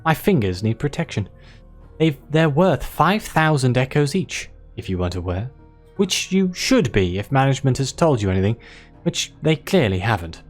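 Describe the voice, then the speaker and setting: A fussy, bald, impatient male stage magician with a posh English accent, as a man puts him on. He talks in huffy, demanding bursts, his voice rising and falling in a lively way. Faint music hums behind him. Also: medium pitch, moderate pace. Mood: condescending.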